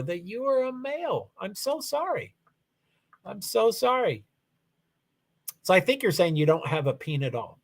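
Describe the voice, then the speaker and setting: A man's voice: mid-range voice, sharp tone. A man from Kentucky with a faint Southern accent, hosting a casual livestream chat and talking in a rambling, hesitant way with lots of restarts. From Louisville, Kentucky, USA. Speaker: livestream host.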